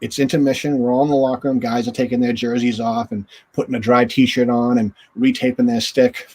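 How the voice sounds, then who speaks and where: A former goalie talks through a long anecdote in a loose, rambling way, backing up and restarting his sentences. He slips into quick impressions of coaches and teammates along the way. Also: medium pitch, husky. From northern United States. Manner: rambling, animated storyteller acting out voices. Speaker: interview guest, former goaltender. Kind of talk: casual storytelling.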